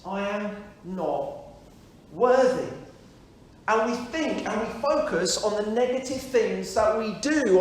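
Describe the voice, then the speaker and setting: Slow high-voiced preacher in an echoey church. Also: male voice. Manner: reflective, repeats key phrases, addresses listeners directly. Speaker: minister leading a church service. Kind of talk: sermon.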